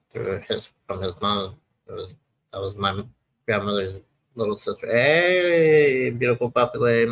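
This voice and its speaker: A man's voice: fairly low pitch, vocal fry, sharp tone, rough recording. A man in his sixties hosting a casual live chat, rambling and often losing his train of thought. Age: 60s. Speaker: livestream host.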